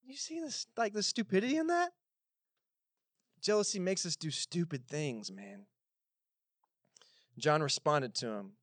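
Texan male pastor, conversational sermon delivery, slightly high voice, dry close sound. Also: expressive, a little slow, long pauses, no echo. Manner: casual conversational preaching with asides. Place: church service in a cinema auditorium.

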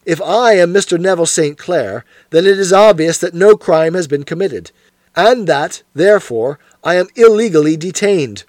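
A man voicing a desperate, refined gentleman. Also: high-pitched, lively intonation, moderate pace, no echo. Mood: defiant. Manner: anguished, pleading, formal.

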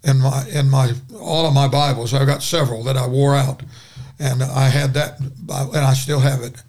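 A man's voice: medium pitch, steady tone, fairly quick, a little mellow. An older man, a guest preacher, telling a dramatic story in a folksy, rambling way during a podcast conversation.

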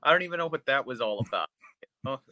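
A man's voice: medium pitch, lively intonation, quick pace, sharp tone, no echo. A man co-hosting a podcast, bluntly and profanely rambling through a casual movie review chat. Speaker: podcast co-host.

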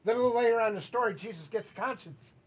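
Husky high-voiced preacher. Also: male voice, racing. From Southern US. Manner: animated storytelling, acting out quoted voices. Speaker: pastor. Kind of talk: sermon. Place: church sanctuary.

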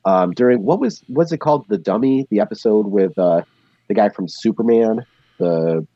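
A man's voice: lowish voice, animated, moderate pace, mellow, no room sound, highs cut off. A man co-hosting a podcast, casually retelling a TV episode's plot and loosely acting out its lines. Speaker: podcast co-host. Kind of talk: casual chat recapping a TV episode.

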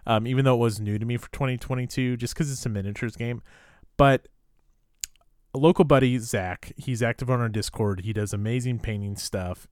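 A man co-hosting a casual podcast, rambling cheerfully with lots of ums and false starts. His voice sits at a middle pitch and is recorded close and dry, with no room sound. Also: darkish tone, dry recording. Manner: chatty, lots of fillers and restarts. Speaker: podcast co-host. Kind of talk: casual chat.

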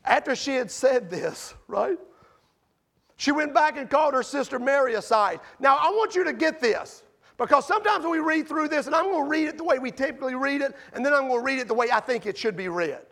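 A man delivers a sermon in an unusually high voice that leaps and falls all the way through. His tone carries a gravelly edge. He fires rhetorical questions at the congregation and swings between loud and quiet. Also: lively intonation, brisk. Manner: rises and drops sharply in loudness. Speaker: preacher.

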